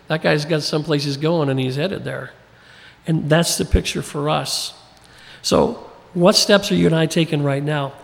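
A man's voice: fairly high pitch, gravelly, big-room sound. A man preaching a sermon in a folksy way, chuckling often as he reads scripture aloud and acts out the quotes. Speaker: pastor.

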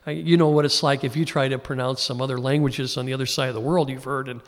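A man's voice: mid-range voice, steady tone, fast talker, in a large hall. A man preaching a casual, conversational Bible teaching sermon, folksy and informal, sometimes acting out the people he quotes. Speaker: pastor.

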